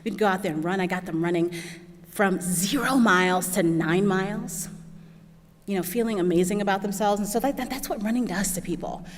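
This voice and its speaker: A woman at a mid-range pitch gives a storytelling keynote talk in a large hall, and her voice trails off in a long reverb. She keeps it chatty, laughs often and slips into the voices of the people she quotes. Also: a little fast, slight background noise. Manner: chatty, laughs often, acts out what others said. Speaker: keynote speaker.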